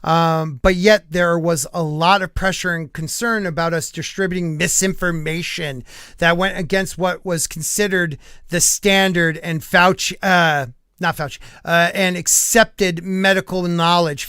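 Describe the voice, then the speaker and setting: Podcast host, male, high voice, blunt ranter, dry close mic. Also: a bit bright, smooth, no echo. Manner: ranting, blunt and profane. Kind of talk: casual podcast chat, reading chat comments.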